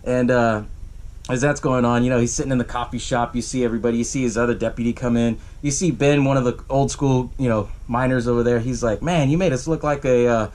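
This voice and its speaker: A man's voice: mid-range voice, fast. A young man hosting a podcast, casually recapping a horror film with lots of swearing and acted-out bits of dialogue. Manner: profane, animated retelling with acted-out quotes. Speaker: podcast host.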